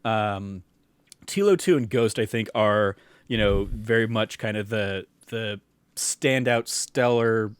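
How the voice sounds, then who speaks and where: Young male podcast co-host, lowish voice, loose, filler-heavy delivery, dry recording. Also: slow, clean tone, no echo. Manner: rambling, many fillers and restarts. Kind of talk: casual chat.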